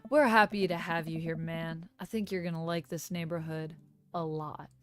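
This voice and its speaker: A woman voicing a friendly middle-aged neighbor dad in a dating game, reading his lines in a relaxed, easygoing way. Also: sits low, moderate pace, soft background music, pitched below the performer's own voice, lightly acted. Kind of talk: reading game dialogue aloud on a livestream.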